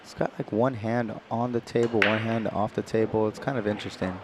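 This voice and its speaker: A deep-voiced man from Singapore talks through a nine-ball match in live commentary. He is relaxed and chatty, walking through each shot's options. A faint hiss sits under the recording. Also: a little fast. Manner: relaxed, chatty, explains shots in detail. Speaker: pool commentator.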